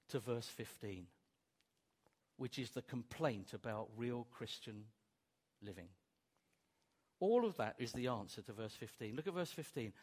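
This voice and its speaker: A man's voice: medium pitch, breathy edge. A man preaching a sermon, acting out imagined objections and pressing his points with emphatic repetition. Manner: animated, rising to emphatic repeated declarations; plays out imagined objections in dialogue.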